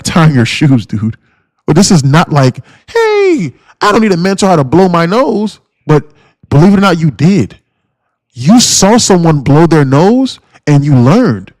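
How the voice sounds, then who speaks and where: A man's voice: fairly high pitch, darkish tone, dry recording, studio quality. A man livestreaming his day trading, ranting bluntly with lots of swearing and mocking his viewers. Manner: blunt, swearing, mocks viewers in put-on voices. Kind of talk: profane ranting livestream talk.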